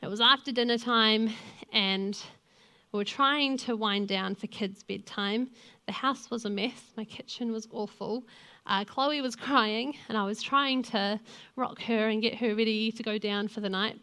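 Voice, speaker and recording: A young woman delivers a church sermon. Her voice sits slightly higher than most women's. She keeps it earnest and conversational, as though talking to friends in the pews. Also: a bit bright. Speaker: lay preacher and youth leader. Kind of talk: sermon with personal stories.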